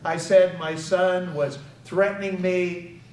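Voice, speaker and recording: A man's voice: sits high, steady tone, slow, darkish tone. An older man giving a public speech at an awareness event, telling a personal story and acting out the quoted dialogue with emphasis. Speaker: invited speaker at an awareness event. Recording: echoey hall, picked up from far off, faint background noise.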